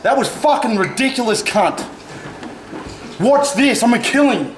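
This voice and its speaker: A man's voice: very high-pitched, lively intonation, unhurried, echoey room, slight background noise. A man performing aggressive, profane battle rap verses, taunting his opponent. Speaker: battle rapper.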